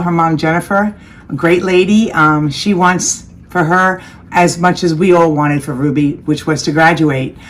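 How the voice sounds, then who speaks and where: Warm, low-voiced woman teacher. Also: a little hiss or hum. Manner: warm, heartfelt praise. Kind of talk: speech to graduates.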